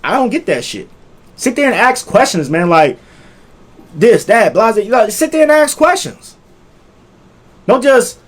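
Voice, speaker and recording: A young man with a high, sing-song voice speaks a little slowly with long pauses. A relationship vlogger, he gives profane, preachy advice in a casual, repetitive monologue that keeps circling back to the same points, getting loud whenever he makes one.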